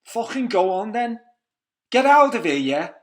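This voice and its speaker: A man voicing an angry, defiant young male prisoner who swears bitterly and shouts. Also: sits high, sing-song, a little slow, pitched above the performer's own voice. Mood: furious, bitter.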